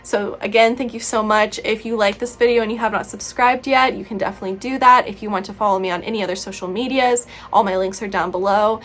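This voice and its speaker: A woman's voice: medium pitch, steady tone, quick pace, few pauses, a bit bright. A young woman vlogging casually to camera, chatty and playfully opinionated, full of "like" and "you know". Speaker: YouTuber reviewing books and films.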